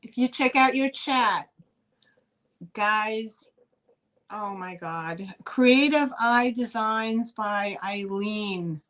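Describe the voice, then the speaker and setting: A woman with a New York accent runs a live sale, talking at an unhurried pace. She chats with her viewers and greets them by name. Her voice sits at an ordinary middle pitch. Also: a bit bright. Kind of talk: live-stream selling chat.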